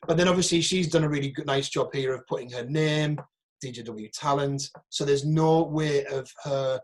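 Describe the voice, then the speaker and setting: A man's voice: fairly high pitch, normal speed. A man with a Northeast English accent, an acting agent, giving a frank, chatty online workshop over a video call and picking apart audition clips.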